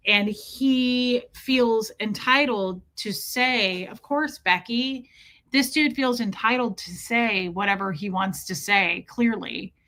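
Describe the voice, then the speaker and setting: A woman's voice: a little high, takes it slowly, sharp tone. A middle-aged woman vlogger telling a story in a casual, blunt and profane way.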